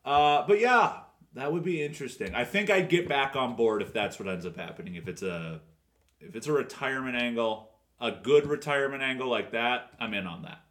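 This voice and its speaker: A man's voice: medium pitch, expressive, brisk, fairly bright tone. A man co-hosting a casual wrestling podcast. He talks in an easygoing, rambling way and sounds keen on what he is reviewing. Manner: enthusiastic, rambling, fan's defender. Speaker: podcast co-host.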